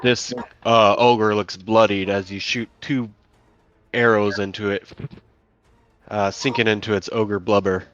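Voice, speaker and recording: A man's voice: on the low side, little pitch movement, measured pace, fairly bright tone, highs cut off, soft background music. A man serving as game master, narrating a tabletop game in a casual, stop-start way with many fillers, over an online call.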